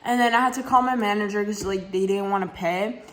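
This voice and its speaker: A teenage girl vlogs into her phone camera at home, having just woken up, telling a heated story about work. Her voice is medium-pitched, fairly quick and a bit bright, and she's casual and slangy, packed with fillers and swearing.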